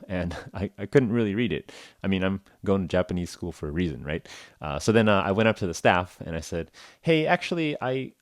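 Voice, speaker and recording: Brief: young male podcast host, deep voice, relaxed self-deprecating storyteller, dry close sound. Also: dry recording. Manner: chatty and self-mocking, with many fillers like "uh" and "like". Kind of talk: casual storytelling podcast for English learners.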